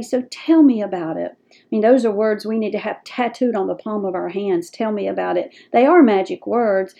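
A woman's voice: a little high, warm tone, highs cut off. A middle-aged woman with a Southern US accent gives folksy, direct advice to caregivers as a dementia care educator.

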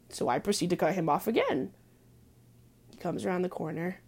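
A woman's voice: fairly low pitch, a little fast, pauses often, husky. Blunt, foul-mouthed young woman venting. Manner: blunt, crude, heavy on "like" fillers; drops to hushed asides now and then. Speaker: vlogger. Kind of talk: casual profane venting monologue.

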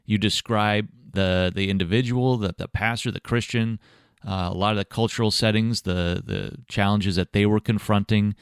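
Measured male podcast host, smooth and resonant, rather low pitched. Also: fairly even intonation, no room sound, studio quality. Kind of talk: interview hosting.

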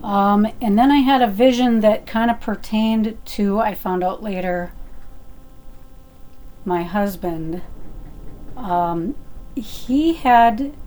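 A woman sharing personal spiritual revelations, reading her prayer journal aloud in an unhurried, halting way, with fillers and self-corrections. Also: mid-range voice, warm tone, a little hiss or hum.

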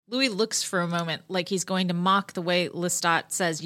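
A woman's voice: lowish voice, fairly even intonation, normal speed, few pauses, sharp tone. A woman co-hosting a podcast, chatting casually with restarts and then reading a fan fiction passage aloud. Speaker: podcast co-host.

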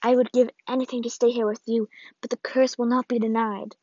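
A woman's voice: fairly high pitch, level tone, mellow. A woman reading as a solemn old grandmother. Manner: solemn, measured letter reading. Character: old, ailing grandmother writing a grave farewell letter. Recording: dull, lo-fi dry read.

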